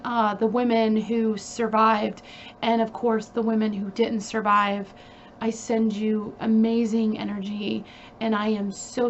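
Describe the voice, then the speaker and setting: Chatty woman true crime host, fairly high voice. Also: dull audio, a little hiss or hum. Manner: chatty and emphatic, lots of fillers and asides. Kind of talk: casual true crime storytelling.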